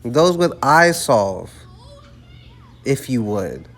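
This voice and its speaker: A man's voice: mid-range voice, lively intonation, measured pace. A man giving profane religious commentary, preaching emphatically and peppering it with rhetorical "right?" and "man". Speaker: online commentator.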